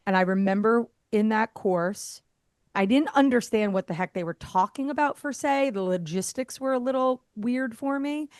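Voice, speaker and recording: She's an airway therapist on a podcast, recounting a story casually and with energy, laughing often and playing out others' lines herself. Her voice sits a little high, clear and resonant, at a moderate pace without room sound.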